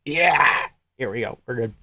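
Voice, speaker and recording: A man's voice: medium pitch, normal speed, darkish tone, dry recording, clean studio sound. A young man hosting a casual live stream, laughing often and swearing easily as he reacts to the chat.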